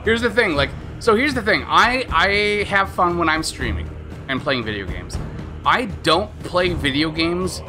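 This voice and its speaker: A man in his thirties streaming a video game, talking candidly and rambling, trailing off, then bursting into high excited reactions at the game. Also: unhurried, over music. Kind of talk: casual let's-play commentary.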